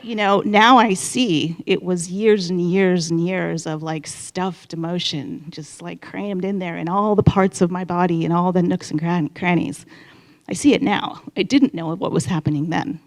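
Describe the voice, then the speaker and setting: A woman's voice: on the low side, steady tone, moderate pace. Candid woman telling a live story. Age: 50s. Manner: candid, chatty, acts out her own inner voice. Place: stage at a live event.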